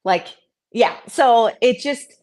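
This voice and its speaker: Animated self-mocking woman athlete. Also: slow. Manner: animated, self-mocking, acts out quotes in a higher voice. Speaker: interview guest, CrossFit athlete. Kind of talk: casual interview chat.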